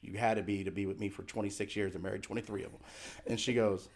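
His voice sits on the low side and holds a steady tone while he talks quickly. This middle-aged man, guesting on a podcast, recounts a personal story with candor and emphasis, sincerely reenacting lines of dialogue from memory.

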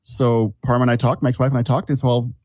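A man's voice: medium pitch, flat delivery, quick pace, a little mellow, dry recording. A man chatting as a podcast guest, a reflective storyteller who often restarts his sentences and calls himself an overthinker. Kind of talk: casual podcast conversation.

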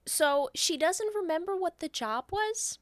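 A woman co-hosting a podcast, recapping a film in casual, animated and profane storytelling. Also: very high-pitched, measured pace, dry recording, clean studio sound. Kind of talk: casual chat.

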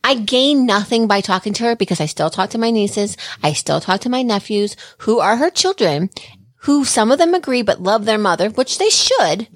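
A woman co-hosts a casual podcast, blunt and quick to swear as she tells her stories. Her pitch swoops around with lively energy. The sound is close and dry. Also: no room sound. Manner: blunt, swears, animated storytelling. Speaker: podcast co-host. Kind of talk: casual chat.

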